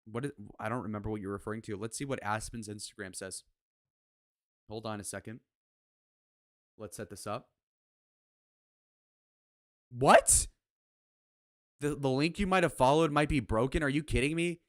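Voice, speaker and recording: A young man in his twenties giving casual reaction commentary, blunt, profane and quick to get worked up. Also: mid-range voice, dry recording, studio quality. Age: 20s. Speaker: streamer reviewing his own speed date.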